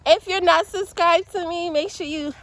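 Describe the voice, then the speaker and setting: Speaking at a normal pace with a very high pitch and a fairly bright tone, a woman from Georgia in the US vlogs outdoors in a snowy parking lot. She holds a phone camera, laughs and chats casually, and sounds chilly and somewhat out of breath.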